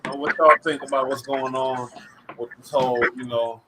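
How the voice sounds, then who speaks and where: A man's voice: mid-range voice, steady tone, normal speed, heavy background noise. Laid-back man hosting a livestream. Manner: laid-back slang-heavy talk, shout-outs to chat. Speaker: livestream host. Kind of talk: casual live-stream chat.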